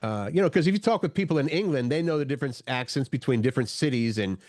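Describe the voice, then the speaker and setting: A man's voice: mid-range voice, animated, fast, a little mellow, dry recording. Morning show guy, casual banter, voice swings up and down a lot, kinda rambly, dry close mic. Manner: rambling, searches for words. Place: radio studio.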